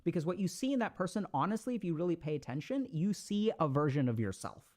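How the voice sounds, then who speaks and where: A man giving casual motivational advice in an animated, coaching way with slangy asides. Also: fairly high pitch, fast talker. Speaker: self-help speaker.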